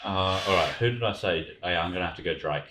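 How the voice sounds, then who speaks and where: A man's voice: low voice, very fast, echoey room, background noise. A man co-hosting a podcast, running a quiz in casual banter, swearing freely and laughing often. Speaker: podcast co-host.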